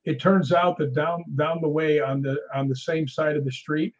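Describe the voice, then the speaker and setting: Husky-voiced man telling ghost stories. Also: fairly high pitch, normal speed, muffled recording. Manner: animated anecdotal storyteller. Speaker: guest ghost hunter. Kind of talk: casual storytelling in conversation.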